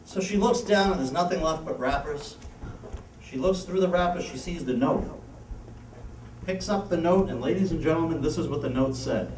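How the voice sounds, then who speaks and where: A man's voice: sits high, fairly quick, a little mellow, slight background noise. Chatty man telling jokes in an echoey hall. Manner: chatty storyteller, chuckling at his own jokes. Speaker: entertainer at a senior center party. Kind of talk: live stand-up joke telling. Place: large hall at a senior center. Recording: echoey hall, distant mic, music. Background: music.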